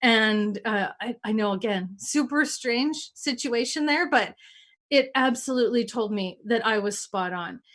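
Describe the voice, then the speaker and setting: A woman hosting a casual talk, telling stories in an animated way and acting out the dialogue. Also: a little high. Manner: animated, acts out quoted dialogue. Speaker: host.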